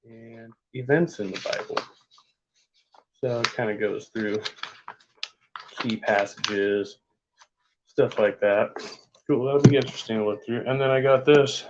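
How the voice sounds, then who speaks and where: A man casually reading book passages aloud in a vlog, with offhand asides and halting attempts at French. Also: mid-range voice, darkish tone, dull audio, a little hiss or hum. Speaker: vlogger.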